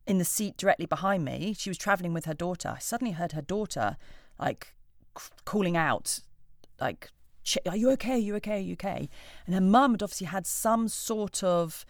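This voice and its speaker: A woman's voice: lowish voice, no echo, clean studio sound. A woman, co-hosting a podcast in casual chat and telling stories with frequent laughter. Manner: chatty storyteller, laughs often. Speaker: podcast co-host.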